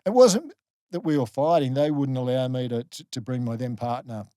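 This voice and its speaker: A middle-aged Australian man, a guest on a podcast, telling a personal story candidly, halting and restarting often. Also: medium pitch, dark tone, no echo. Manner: halting, many restarts, earnest. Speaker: guest, former rugby league player.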